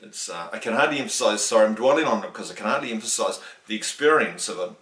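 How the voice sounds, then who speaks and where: A man's voice: lowish voice, quick pace. Distant-sounding man telling a story. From New Zealand. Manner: animated, acts out quoted dialogue, many restarts. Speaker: interviewee. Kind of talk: casual storytelling interview. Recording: roomy, distant from the mic.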